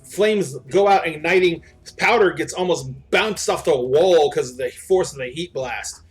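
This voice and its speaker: A man's voice: a little high, unhurried, faint music behind. A man narrating a tabletop game as game master, playful and dramatic, cursing now and then.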